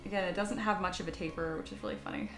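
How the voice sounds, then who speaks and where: A woman's voice: lowish voice, steady tone, very fast, a bit bright, reverberant. A woman sculpting on a live stream, chatting casually with her viewers and reading their comments aloud, often poking fun at herself. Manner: chatty, self-deprecating, reads chat aloud.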